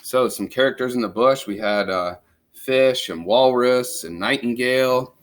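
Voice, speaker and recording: A man's voice: medium pitch, unhurried. Man reading a picture book aloud. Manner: relaxed, with casual asides. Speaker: teacher.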